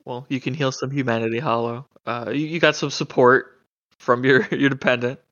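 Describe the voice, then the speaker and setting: A man runs a tabletop game, handing out rules calls in halting speech full of fillers. His voice is bright, and the audio is muffled and lo-fi. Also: mid-range voice, steady tone, no echo. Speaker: game master.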